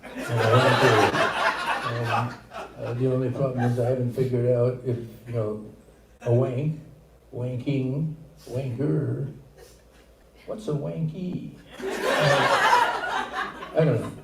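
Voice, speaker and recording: An older man performing a stand-up comedy set in a small venue, with a rambling, halting delivery full of asides. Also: mid-range voice, fairly even intonation, gravelly, noisy background. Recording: echoey room, distant mic, loud ambience. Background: audience laughter.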